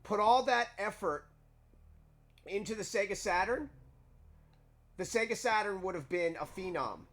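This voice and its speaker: A man's voice: sits high, unhurried, a bit bright. A man streaming a game live and chatting casually, rambling and restarting his words as he talks. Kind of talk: casual chat while playing a game.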